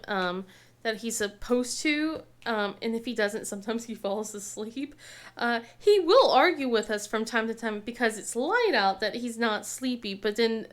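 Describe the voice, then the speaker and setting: A chatty woman in her thirties with a slightly high voice tells family stories in a relaxed, casual way. She laughs often and acts out what everyone said. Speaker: craft vlogger. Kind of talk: casual chat while crafting.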